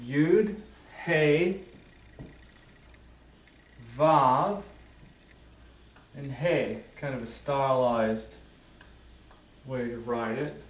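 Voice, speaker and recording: Male teacher at a whiteboard, unhurried and explanatory, recorded from a distance in an echoey room. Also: mid-range voice. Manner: slow, explanatory, asks the viewer questions. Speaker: occult teacher. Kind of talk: whiteboard lecture.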